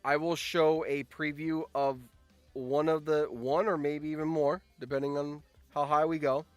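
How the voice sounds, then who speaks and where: A man hosting a channel, giving casual reaction commentary on a game simulation, swinging from low muttering to excited shouts. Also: moderate pace, no room sound, soft background music. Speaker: channel host and streamer.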